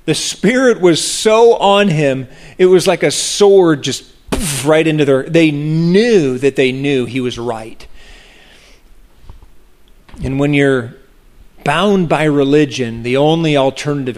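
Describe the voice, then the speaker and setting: A man preaching a sermon, animated and expressive, acting out the voices of people in the story. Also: takes it slowly. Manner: animated, acts out voices of the crowd with big pitch jumps.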